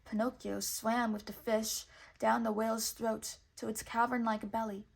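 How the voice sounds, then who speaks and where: A woman reading a children's storybook aloud in clear, measured narration. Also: a little high, little pitch movement. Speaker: storybook reader.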